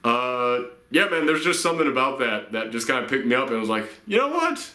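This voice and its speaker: A man's voice: medium pitch, fairly even intonation, fairly quick, sharp tone, reverberant. A young man hosting his own channel, talking unscripted and earnestly to his viewers late at night, a little tired and rambling. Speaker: YouTube channel host. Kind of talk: casual vlog to viewers.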